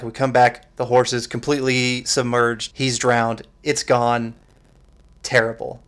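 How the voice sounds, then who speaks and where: A man co-hosting a podcast, chatting casually about an old film with animated, excited bursts and frequent laughs. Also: mid-range voice. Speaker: podcast co-host. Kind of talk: casual movie discussion.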